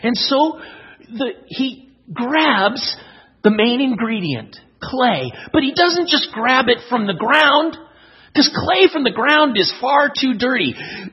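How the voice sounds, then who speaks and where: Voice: medium pitch, slightly rough, muffled recording. A speaker giving an emphatic devotional talk to young scouts, telling a children's story along the way.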